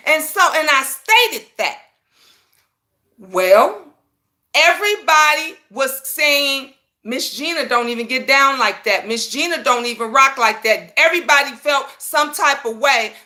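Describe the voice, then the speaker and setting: A woman's voice: high-pitched, sharp tone. A woman in her fifties, a YouTube commentator, ranting to viewers in a profane, emphatic, confrontational way, often asking if they understand her. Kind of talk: heated personal rant to viewers.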